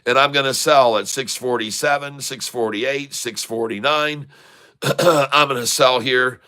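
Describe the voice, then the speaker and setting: A man giving live commentary on his day trades, excitable and repetitive, calling out to viewers and breaking into chants. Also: medium pitch, a little slow, smooth. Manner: repetitive, keeps addressing viewers as folks and ladies and gentlemen. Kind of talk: live trading commentary over a chart.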